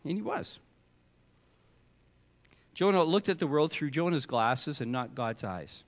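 Male preacher, lively sermon delivery, acts out biblical characters; long hall reverb. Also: fairly high pitch, unhurried. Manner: animated, acts out voices of biblical figures.

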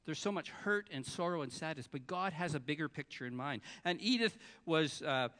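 A man preaching to a congregation, his voice sitting fairly high as he tells a story and builds to loud, emphatic lines before dropping to near whispers. The sound rings with long reverb from a large church hall. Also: lively intonation, normal speed. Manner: storytelling preacher, swinging from soft to loud, breaks into song. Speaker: pastor. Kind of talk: sermon.

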